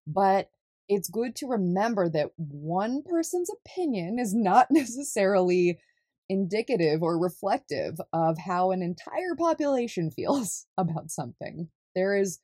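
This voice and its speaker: A young woman from California, talking casually in a solo podcast, chatty and quick to laugh at herself. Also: mid-range voice, big pitch swings, warm tone, dry recording, studio quality. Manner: chatty, laughs often, self-deprecating.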